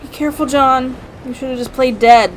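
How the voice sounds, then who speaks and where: A woman hosting a reaction video, commenting casually and excitably, gasping and talking to the screen. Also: high-pitched, fairly quick, a little hiss or hum.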